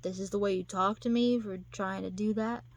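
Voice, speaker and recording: A woman's voice: mid-range voice, steady tone, brisk, natural voice. A woman retelling a hurt, shy young man. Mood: hurt, plaintive.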